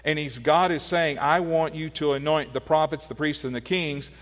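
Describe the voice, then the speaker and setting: A man's voice: on the high side, steady tone, normal speed. Man preaching in a reverberant hall. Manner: earnest teaching with rhetorical questions and restarts. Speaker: pastor. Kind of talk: sermon.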